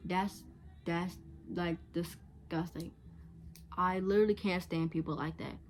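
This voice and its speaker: A woman's voice: on the low side, fairly even intonation, a little slow, darkish tone, slight background noise. Chatty teen girl giving frank advice. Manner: chatty, frank, acts out catty voices in quotes. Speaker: vlogger. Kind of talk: casual advice chat to camera.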